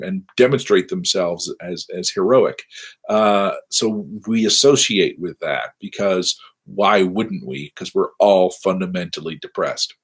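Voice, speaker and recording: In a low, breathy voice, a university lecturer rambles through the end of a casual livestreamed lecture, webcamming from his office. His tone is self-deprecating, peppered with wry asides.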